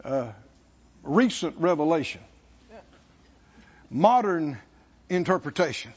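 A man preaching a sermon, asking the congregation for responses and slowing down to stress key words. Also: a little high, sing-song, husky, muffled recording. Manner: call-and-response preaching, slows for emphasis. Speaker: pastor.

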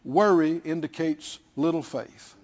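A man's voice: fairly high pitch, measured pace, darkish tone, muffled recording. A man preaching a sermon, repeating phrases and putting questions to his listeners.

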